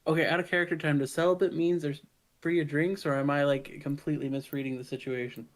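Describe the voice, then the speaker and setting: A man's voice: a little high, fairly even intonation, quick pace. A man narrating a tabletop game as game master in a casual, hesitant way, with lots of filler words.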